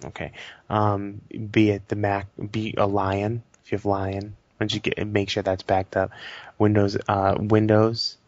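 A man's voice: fairly low pitch, completely flat delivery, a little slow, dry recording, highs cut off. A man co-hosting a casual tech news podcast, cursing freely and acting out joking anecdotes. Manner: profane, joking, acts out anecdotes. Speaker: podcast co-host.

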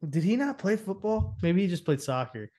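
A man's voice: high-pitched, very animated, normal speed, warm tone. A young man telling stories in a casual, profane chat and laughing often.

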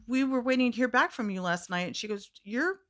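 A woman telling a bawdy story in casual chat, animated and acting out the voices of the people in it. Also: on the high side, brisk. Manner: animated, acts out quoted voices, laughs often. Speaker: storyteller guest.

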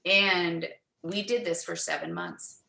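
A middle-aged woman, a guest in an interview, telling a personal faith story in an animated way and acting out the quoted dialogue. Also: on the low side, takes it slowly, gravelly, roomy sound, poor audio.

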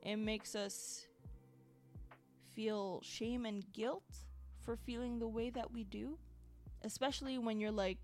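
A woman's voice: a little high, fairly even intonation, slow, darkish tone, soft background music. Exasperated woman ranting on a podcast. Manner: exasperated and sarcastic, repeats words for emphasis. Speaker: podcast host. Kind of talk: solo diary-style rant.

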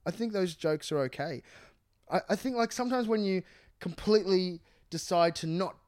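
A young adult man, a stand-up comedian, chatting casually as a guest in an interview, talking quickly with lots of restarts. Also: fairly high pitch. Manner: fast, animated, many restarts and "like"s.

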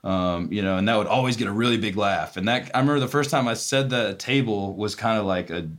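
A man's voice: on the low side, fast talker. A man from South Carolina, a former hibachi chef telling candid stories in an interview, casual and self-deprecating with lots of fillers.

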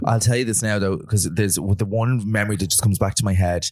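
A man's voice: lowish voice, steady tone, brisk, noisy background. A man co-hosting a podcast, playful and giggly, with sweary banter in casual chat. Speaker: podcast co-host.

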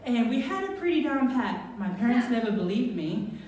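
A woman's voice: a little high, normal speed, a little hiss or hum. Woman telling a story live. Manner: lively, laughing, many fillers and restarts. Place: live venue stage. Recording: echoey venue, mic from far off.

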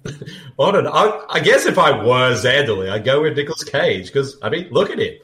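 A man's voice: mid-range voice, sing-song, a bit bright. A man co-hosting a casual movie commentary, joking and laughing often. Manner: jokey, laughing, quick asides. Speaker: podcast co-host. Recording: roomy echo.

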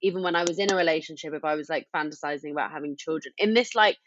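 A woman's voice: deep voice, racing, a little hiss or hum. A woman in her twenties ranting animatedly in a casual chat. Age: 20s. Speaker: podcast co-host. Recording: dull dry sound.

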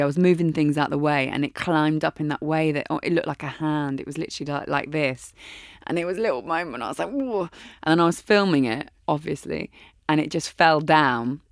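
A woman's voice: low-pitched, brisk, vocal fry, dry recording, clean studio sound. A woman co-hosting a podcast in casual, chatty talk, reading out listener questions. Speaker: podcast co-host.

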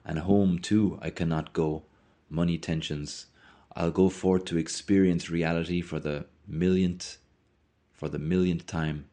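A man voicing a grim, brooding young Irishman who speaks in a measured way. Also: low voice, fairly even intonation, warm tone.

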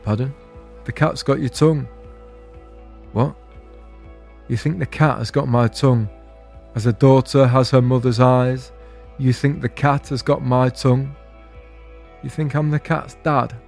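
A man delivers deadpan, wry spoken-word comedy, unhurried and musing, in an ordinary mid-range voice. Soft music sits faintly underneath him. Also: mid-range voice, creaky. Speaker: comedian and podcast host.

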